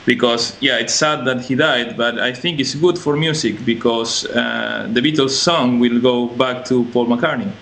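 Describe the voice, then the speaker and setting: A man from Argentina voices firm opinions in relaxed conversation. He hesitates with frequent fillers and restarts. His voice sounds bright and sharp, with faint hiss behind it. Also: mid-range voice, measured pace, vocal fry, hardly any pauses, rough recording. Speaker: podcast co-host. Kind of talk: casual conversation.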